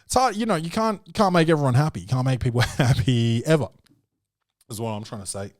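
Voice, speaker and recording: A man hosts his podcast in a casual, comic ramble, swearing freely and tossing in dude and man. His voice sits at a middling pitch and sounds close and dry, with no room around it. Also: animated, fast talker, dry recording. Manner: loose and profane, full of "dude" and "man". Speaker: podcast host. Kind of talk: casual comedic review chat.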